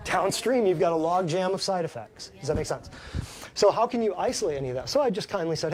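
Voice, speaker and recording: A man's voice: sits high, animated, quick pace, a little mellow, slightly rough. A man who works as a chiropractor, giving a folksy, emphatic health talk to a small live audience and keeps asking them questions.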